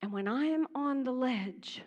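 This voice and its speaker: Woman minister from Pennsylvania, high voice, animated sermon with hushed passages, reverberant hall. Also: unhurried. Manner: animated, laughing, drops to hushed tones. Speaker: guest minister. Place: church sanctuary.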